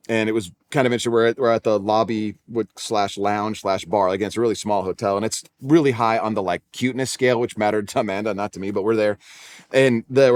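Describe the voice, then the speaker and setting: Chatty Californian pastor telling a story. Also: male voice, fairly low pitch, no echo. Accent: Californian English. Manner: conversational, self-deprecating, many restarts. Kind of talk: storytelling sermon. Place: church auditorium.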